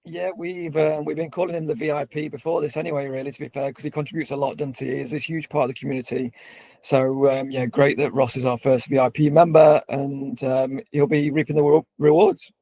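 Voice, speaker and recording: A relaxed man with a gravelly edge to his voice chats as co-host, padding his thoughts with frequent ums. The sound is dry and close. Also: fairly high pitch, fairly quick, no room sound. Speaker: co-host of a coaching community update. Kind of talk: casual chat.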